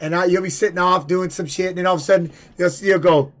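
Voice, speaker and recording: A man's voice: high-pitched, quick pace. A middle-aged man, a former fighter, swearing freely as he tells a rambling story on his live stream. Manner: profane, animated retelling.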